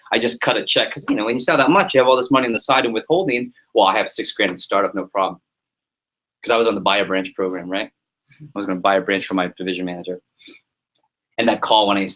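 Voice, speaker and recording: A man giving a motivational talk to his sales team as their liaison, animated and joking, acting out little scenes. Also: on the low side.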